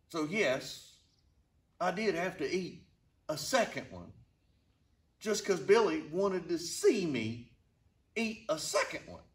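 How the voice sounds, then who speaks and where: A man casually telling a funny travel story to his channel, with a slow, deadpan drawl. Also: on the high side. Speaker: storyteller vlogger. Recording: roomy, distant from the mic.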